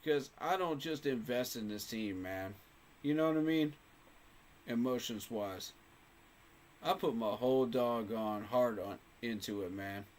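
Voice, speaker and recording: Male fan host, mid-pitched voice, fired-up and emphatic, repeats lines for punch. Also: unhurried. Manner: passionate, emphatic, repeats phrases for effect. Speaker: sports fan channel host. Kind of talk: casual fan commentary to camera.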